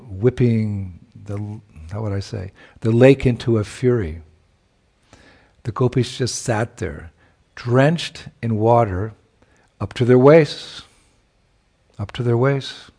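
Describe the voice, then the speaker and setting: Male preacher, storytelling sermon; unhurried, reflective, gentle asides and word-searching. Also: medium pitch, breathy edge. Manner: reflective, with chuckles and searching for words.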